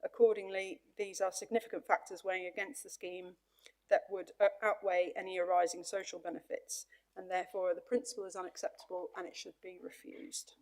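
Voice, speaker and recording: A woman presenting a planning report to a council committee in a measured, formal way, with a few hesitant repeats. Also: fairly low pitch, flat delivery, a little mellow. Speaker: planning officer. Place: council meeting chamber.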